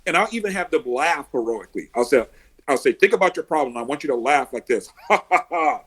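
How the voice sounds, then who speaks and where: A man working as an emotional success coach, a podcast guest who tells animated stories and acts out the people he coaches. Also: medium pitch, fast, slightly rough. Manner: animated storyteller, acts out quotes and heroic laughs.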